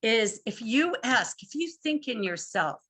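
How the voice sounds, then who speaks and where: A woman's voice: on the high side, very animated, measured pace, fairly bright tone, husky. An older woman giving an instructive talk to couples, emphatic and conversational, with dramatic dips and rises in her voice. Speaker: marriage workshop speaker.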